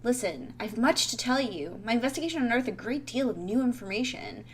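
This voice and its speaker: A woman voicing an older male doctor with a British accent, speaking in a measured, solemn way. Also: on the high side, expressive, a little hiss or hum, pitched above the performer's own voice, close to an everyday voice. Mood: grave.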